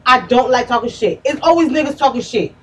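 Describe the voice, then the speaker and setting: A young woman telling a story in a casual chat, animated and full of "like", swearing freely. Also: high-pitched, fast talker. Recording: distant mic with light background noise.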